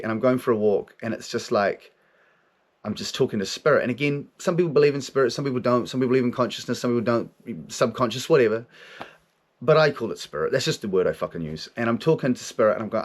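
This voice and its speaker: A man's voice: medium pitch, fast. Swearing man telling a raw story. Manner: raw, heavy swearing, repeats words. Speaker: podcast host. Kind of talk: personal storytelling monologue.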